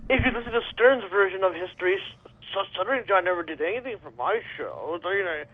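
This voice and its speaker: High-voiced man, swearing constantly. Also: animated, quick pace, narrow, tinny audio, a loud crowd. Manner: swears constantly, starts lines with "yo". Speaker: guest. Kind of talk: casual argumentative banter.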